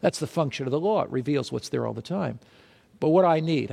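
A man's voice: a little high, animated, moderate pace, gravelly, a little mellow, in a large hall. A man preaching a sermon, emphatic, asking his listeners questions and answering them himself. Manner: emphatic, asks the crowd questions then answers.

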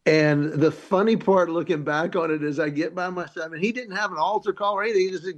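Male comedian guest, lively storyteller, voices in his quotes, a little high-pitched. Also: fast talker, few pauses, muffled recording. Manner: animated, acts out quoted voices. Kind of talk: storytelling interview.

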